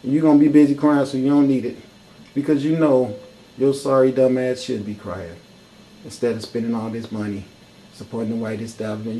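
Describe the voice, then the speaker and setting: A man's voice: medium pitch, steady tone, brisk, warm tone, a little hiss or hum, rough recording. A man giving an impassioned, profane talk full of rhetorical questions. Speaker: speaker in a discussion.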